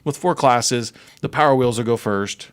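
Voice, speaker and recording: A man's voice: mid-range voice, no echo. A middle-aged man who promotes a speedway, co-hosting a casual podcast, rambling and teasing his co-host. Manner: rambling, joking, quick to tease.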